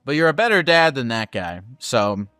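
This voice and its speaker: Halting, smooth-voiced man hosting advice. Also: medium pitch, big pitch swings, sharp tone, dry recording, studio quality. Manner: halting, many restarts, casual swearing. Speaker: host of a call-in advice show. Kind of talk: casual advice chat.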